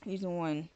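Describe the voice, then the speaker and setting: A woman's voice: fairly low pitch, a little mellow. A woman streaming a video game live, chatting casually and rambling with lots of "like", tired and yawning late at night. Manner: chatty and rambling, many fillers of "like". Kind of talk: casual chat while gaming live.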